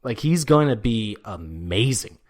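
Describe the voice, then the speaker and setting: A man's voice: lowish voice, lively intonation, unhurried. A man co-hosting a podcast, telling a story in casual chat with a loose, swearing manner. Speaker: podcast co-host.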